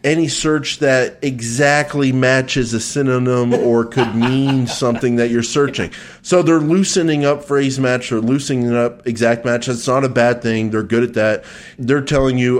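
A man's voice: medium pitch, fairly even intonation, normal speed. A man co-hosting a podcast, joking with his partner, then explaining search ads steadily with some fillers. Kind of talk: casual podcast chat and explanation.

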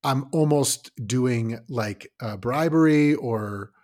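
A man's voice: mid-range voice, takes it slowly. A man co-hosting a casual parenting podcast, talking loosely and swearing, often acting out what a parent and a kid would say. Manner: animated, swearing, acts out parent and kid lines. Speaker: podcast co-host.

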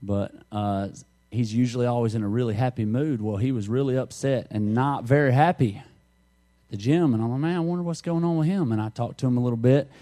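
A man's voice: mid-range voice, steady tone, fairly quick, mellow. A middle-aged man, preaching a conversational sermon through folksy stories and jokes. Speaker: pastor.

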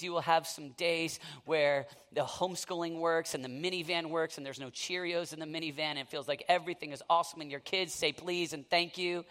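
Impassioned high-voiced male preacher. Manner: impassioned, swinging between near-shouting and hushed intensity; storytelling with quick asides and acted-out quotes. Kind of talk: sermon.

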